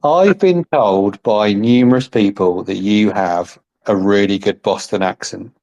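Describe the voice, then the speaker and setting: A man's voice: fairly low pitch, unhurried, a little mellow, muffled recording. A man hosting a casual interview, chatty and teasing. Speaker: podcast host interviewer.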